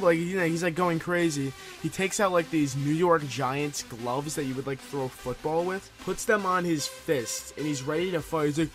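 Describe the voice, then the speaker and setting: A man's voice: on the high side, moderate pace, faint music behind. A young man commentating over gameplay, telling a rambling, profane story in a casual way.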